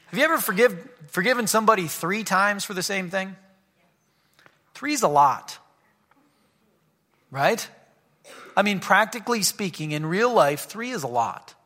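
A man's voice: high-pitched, bright, forceful tone. A man preaching a sermon in a church, reading scripture and breaking off into casual, joking asides to the congregation. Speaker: pastor. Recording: long hall reverb.

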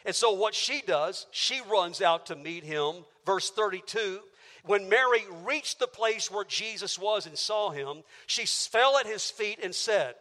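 A man with a high, bright, ringing voice preaches a sermon in a church auditorium. He is emphatic and stacks up rhetorical questions. The sound carries a long reverb from the large hall. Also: unhurried. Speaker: pastor.

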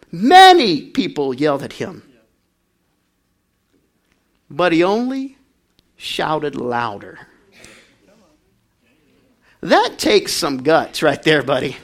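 A man preaching a lively sermon in a high voice. He drops to near a murmur and then climbs to full shouts. He keeps calling on the congregation to answer back. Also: slow pace, pauses often. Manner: swings from quiet to shouting, call-and-response. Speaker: pastor.

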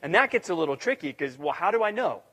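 A man's voice: a little high, big pitch swings, quick pace, bright, forceful tone, husky. Earnest man preaching in an echoing hall. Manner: earnest, repeating questions, conversational. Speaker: pastor. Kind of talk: sermon. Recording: long hall reverb.

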